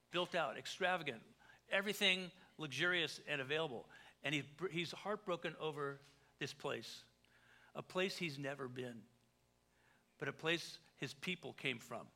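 A man, a pastor, preaching a sermon in a conversational way, with joking asides and big swings between quiet and loud. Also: fairly high pitch, expressive, moderate pace.

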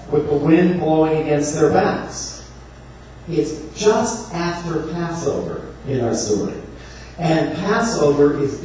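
A man preaches with a humorous, storytelling energy, slipping into playful voices for the characters. His voice sits a little high. He is heard from a distance in a strongly echoing room with faint background noise. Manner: animated, humorous, acts out voices with laughs. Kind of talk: storytelling sermon.

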